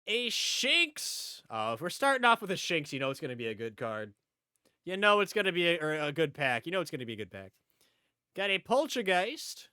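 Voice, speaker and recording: Chatty, bright-voiced male streamer. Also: mid-range voice, clear, resonant tone, no echo, studio quality. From upstate New York. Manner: rambling, chatty, repeats himself. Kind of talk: casual live-stream chat.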